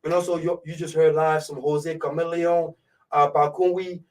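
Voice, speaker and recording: Heard through a distant mic on a low-quality recording, a man with a fairly high pitch speaks in a steady tone at normal speed. Originally from Côte d'Ivoire and carrying a thick French accent, he's a radio host running a live show in a relaxed, casual style. He checks in with his audience often, peppering his talk with "you know what I'm saying."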